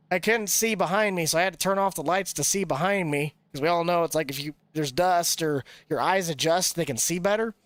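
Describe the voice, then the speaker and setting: A man's voice: fairly high pitch, moderate pace, a bit bright, no echo. A young man rambling and joking casually while live-streaming a farming game. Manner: rambling, jokey, laughs often. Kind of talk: casual gameplay chatter.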